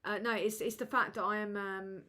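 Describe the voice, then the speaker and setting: A woman hosting a live chat with viewers, rambling and halting with many fillers, tired and low. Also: steady tone, fairly bright tone. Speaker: livestream host.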